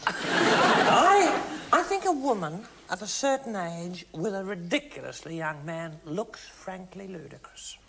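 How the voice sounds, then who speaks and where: A man's voice: sits high, sing-song, unhurried, vocal fry, full character voice. A man playing a flamboyant, teasing middle-aged woman star who hosts a comic chat show and calls everyone darling. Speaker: talk show host. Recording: loud studio audience and noise.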